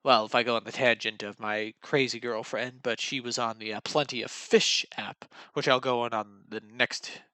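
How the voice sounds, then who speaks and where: A young male vlogger delivers a rambling, self-mocking monologue about his dating life, performing what people said to him. He has a mid-range, sharp-toned voice and the recording has no room sound.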